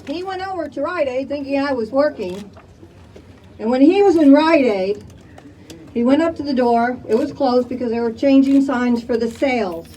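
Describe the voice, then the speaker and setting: An older Chicago woman gives impassioned public testimony to a crowd at an outdoor community rally, her warm, high voice moving at a moderate pace. She speaks emphatically and rallies listeners with "all right?". The recording is rough, with a distant mic and a little hiss or hum.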